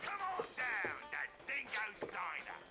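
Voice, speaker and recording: An actor playing a male dingo creature who hawks his diner with an Australian accent, in a pushy sales pitch on the radio, in a video game. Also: huge pitch swings, measured pace, loud music behind the voice, exaggerated voice. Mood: salesy. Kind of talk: video game character dialogue.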